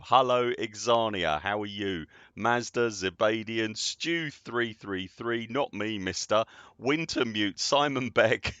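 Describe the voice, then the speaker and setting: A man's voice: lowish voice, fairly bright tone, no echo. A man, streaming a game and chatting casually with viewers, rambling and greeting people by name. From United Kingdom. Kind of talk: casual live-stream chatter while gaming. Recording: dull, dry lo-fi sound.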